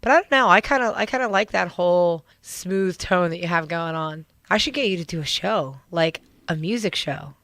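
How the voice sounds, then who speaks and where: A woman's voice: on the low side, moderate pace, hardly any pauses, fairly bright tone, dry recording. A middle-aged woman hosting a radio show, chatting casually and teasing her guest. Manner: chatty, teasing, laughs easily. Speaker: radio DJ host.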